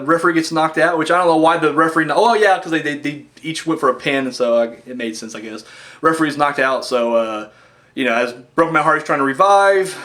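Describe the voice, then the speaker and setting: Rambling man recapping wrestling matches. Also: a little high. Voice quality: rambling, filler-heavy, excitable fan. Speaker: wrestling review host. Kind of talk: casual spoken recap.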